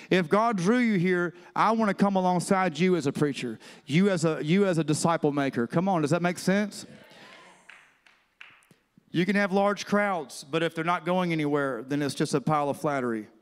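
Male pastor, high clear voice, conversational preaching in a reverberant church hall. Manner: conversational preaching, calls to the congregation. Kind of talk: sermon. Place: church sanctuary.

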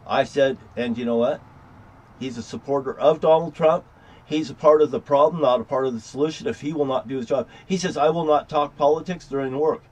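An older man ranting, heated and profane, swinging between loud outbursts and low mutters. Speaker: vlogger. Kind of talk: angry rant to camera.

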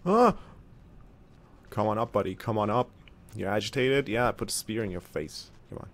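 A gaming video host talks fairly quickly in a fairly low voice while playing a video game. He reacts out loud, jokes to himself and answers viewer comments in casual let's-play style.

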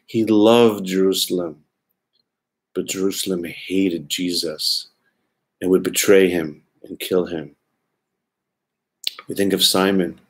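Slow low-voiced guy preaching, earnest, pleading, repeats stuff for emphasis. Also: fairly even intonation, breathy edge. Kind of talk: sermon lecture.

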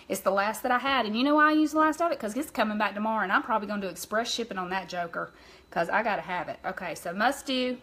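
A woman's voice: a little high, fairly bright tone. A woman hosting a casual makeup live stream, chatting openly and greeting her viewers by name as she goes. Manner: emotional, open about feelings.

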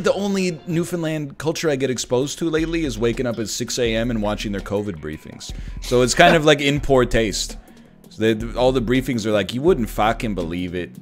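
A man's voice: medium pitch, a bit bright. A young man chatting casually with friends on a stream, joking and swearing freely. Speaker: regular streamer in a group chat. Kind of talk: casual chat.

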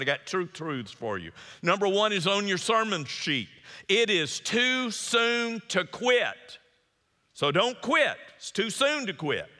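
A middle-aged man preaching a sermon as pastor, emphatic and repetitive, swinging between loud exhortation and hushed earnest tones. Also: fairly high pitch. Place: church sanctuary. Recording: long church reverb.

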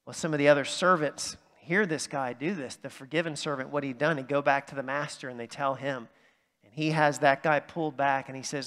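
A man's voice: medium pitch, steady tone, a little fast, a bit bright, long reverb tail. A man pastor delivering a sermon in a conversational way, often checking in with "right?". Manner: conversational preaching with asides like "right?". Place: church sanctuary.

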